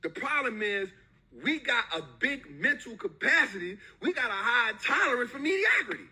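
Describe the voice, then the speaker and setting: A man with a fairly high, very bright voice, edged with a husky grain, gives a motivational talk. He drives his points home with repetition and slangy, emphatic street talk. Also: big pitch swings, moderate pace. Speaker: motivational speaker.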